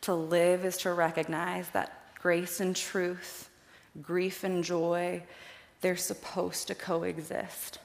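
A young woman from Iowa tells stories in an animated, chatty way during a faith talk. Her voice sits a little low, with a gravelly fry at the ends of phrases. It rings out in a large, echoey hall with a long reverb tail. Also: slow. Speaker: speaker giving a faith talk. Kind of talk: personal storytelling talk with slides.

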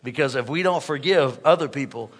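A man preaching a sermon as pastor, animated and joking, calling on the congregation to respond. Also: medium pitch, a little fast.

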